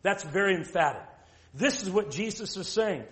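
A man preaching a sermon, emphatic and direct, asking the listeners rhetorical questions and reading scripture aloud slowly. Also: high-pitched, lively intonation, a bit bright.

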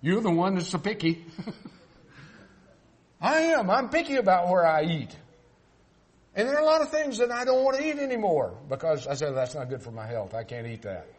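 An older man preaching a folksy sermon, joking and swinging between loud and soft. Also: high-pitched, very animated, moderate pace, pauses often.

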